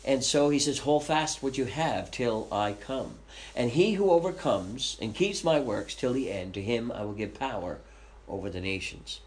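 A man's voice: mid-range voice, animated, normal speed. A man leading a Bible study, reading scripture aloud and explaining it conversationally, with questions to his listeners. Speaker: Bible teacher.

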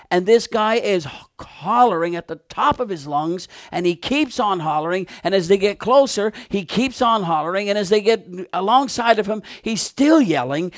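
A man preaching a sermon, retelling a Bible story with animated, fervent emphasis. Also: high-pitched, no room sound, clean studio sound.

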